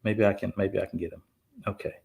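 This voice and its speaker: A man's voice: fairly low pitch, level tone, quick pace, gravelly. A man, a singer-songwriter, chatting casually on a live stream, rambling with many fillers and restarts. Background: faint guitar playing.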